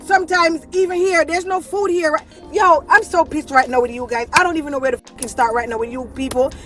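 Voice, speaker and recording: Jamaican woman going off in patois, high pitched and mad, faint music under it. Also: fairly bright tone. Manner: heated, scolding, mixing patois. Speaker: viral video poster. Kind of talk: angry rant.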